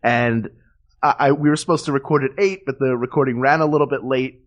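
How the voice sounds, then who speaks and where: A man's voice: mid-range voice, fairly even intonation, a little fast, highs cut off. Playful, rambling podcast co-host man. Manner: playful, rambling, chuckles through jokes. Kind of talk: casual chat.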